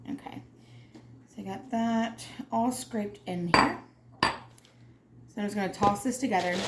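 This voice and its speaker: A woman hosts a casual cooking demo from her home kitchen, chatting freely and poking fun at herself. Her voice sits at an ordinary middle pitch. The room is echoey and noisy around her. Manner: chatty, self-deprecating, addresses viewers as y'all. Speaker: cooking video host. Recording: echoey kitchen with loud background noise.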